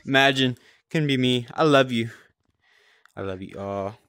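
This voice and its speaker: A man playing VR tag live with viewers, talking over a headset mic and shouting and laughing as he plays. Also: medium pitch, a little slow, smooth, no room sound. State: out of breath. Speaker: gaming YouTuber. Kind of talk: live VR gameplay commentary.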